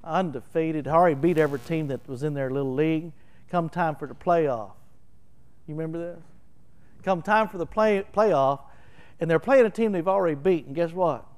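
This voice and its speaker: A middle-aged man with a Southern Oklahoma accent preaching a sermon, telling folksy stories and swelling into loud, emphatic bursts as he explains scripture. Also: fairly high pitch, normal speed, clean tone. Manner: animated, folksy storytelling with laughter and emphatic swells. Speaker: pastor.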